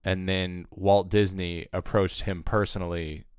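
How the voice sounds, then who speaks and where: A man co-hosting a podcast in relaxed, chatty talk with plenty of fillers. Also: low-pitched, unhurried, smooth, no room sound, studio quality. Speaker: podcast co-host. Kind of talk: casual podcast chat.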